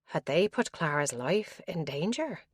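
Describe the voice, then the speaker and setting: A woman reading an audiobook thriller in measured, suspenseful scripted narration. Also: low-pitched, expressive, slightly rough, dry recording, clean studio sound.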